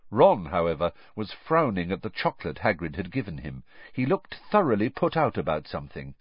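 A man narrating an audiobook in a steady, expressive reading. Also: low voice, fairly quick, husky, no room sound, lo-fi sound.

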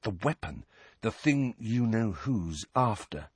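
A man's voice: a little high, wildly swooping pitch, normal speed, breathy edge, no echo, pitched above the performer's own voice, full character voice. A man doing a sly teenage wizard twin.

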